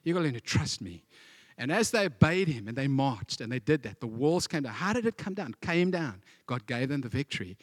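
A man preaching a sermon in a lively way, acting out scenes and quotes as he goes. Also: mid-range voice, brisk, few pauses, no room sound, studio quality. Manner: animated, acts out scenes with voices. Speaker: pastor.

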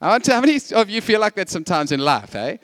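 A man preaching a sermon as pastor, telling a story in a chatty, animated way with lots of repeated phrases and asides. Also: high voice, rapid-fire, no room sound, clean studio sound.

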